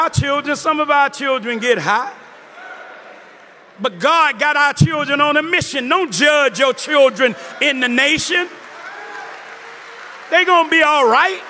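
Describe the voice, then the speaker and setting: A man's voice: very high-pitched, measured pace, long pauses, sharp tone, big-room sound, a little hiss or hum. A man, a Muslim minister, preaching to a live audience in an emphatic way and calling out to the crowd.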